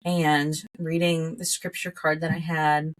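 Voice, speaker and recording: A woman's voice: low-pitched, unhurried. A woman guest on a podcast telling a story in casual conversation, laughing often and acting out what she said back then. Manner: animated, laughs often, acts out her own past words.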